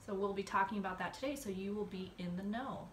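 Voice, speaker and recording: A woman's voice: medium pitch, quick pace, far from the mic. A woman co-hosting a casual real estate podcast. She has a cold and talks in a chatty way, with fillers and frequent laughs. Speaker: podcast co-host. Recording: echoey room, off-mic, faint noise.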